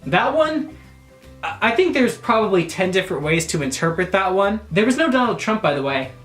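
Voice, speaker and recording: A man's voice: sits high, very animated, fast, fairly bright tone. A man reads a clumsy fanfiction aloud in a comedy video and keeps stopping to mock it with sarcastic, swearing asides. His voice bounces around an echoey room. Faint guitar music plays behind him. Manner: incredulous, sarcastic commentary with frequent swearing. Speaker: YouTuber.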